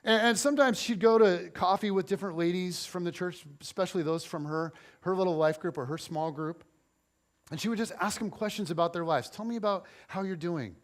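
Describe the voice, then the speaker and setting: High-voiced man preaching a chatty sermon. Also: brisk. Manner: chatty and self-deprecating, lots of "like" and restarts; playful humor, animated storytelling. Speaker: pastor. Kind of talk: conversational sermon with personal stories.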